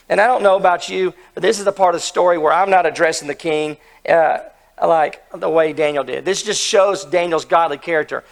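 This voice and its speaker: A hoarse man delivers an earnest sermon, his voice gravelly and pitched a little high. He preaches with emphasis and keeps asking his listeners questions. The delivery is that of a pastor. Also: brisk.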